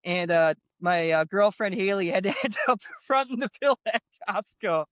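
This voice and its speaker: A man's voice: sits high, expressive, moderate pace, fairly bright tone, no room sound. A man in his late twenties, a guest guitarist telling a story in a chatty casual way, full of "you know" asides. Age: late 20s. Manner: chatty, peppers talk with "you know" and "I'm like".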